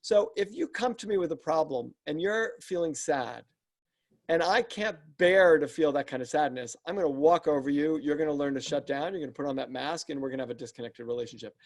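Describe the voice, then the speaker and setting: A leadership coach appearing as a podcast guest speaks in a slightly high, brisk voice. He lays out his work earnestly and step by step, frequently restarting his sentences in this explanatory interview.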